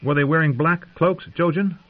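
A practical young woman, as a male narrator puts her on, brisk and caring in a raised, lighter pitch. Her questions come quick and wary. The audio is dull and lo-fi. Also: lightly acted.

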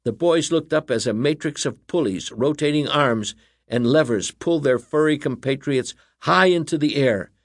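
A man reading a children's story aloud as narrator, in an animated, expressive way. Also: mid-range voice, no echo, clean studio sound.

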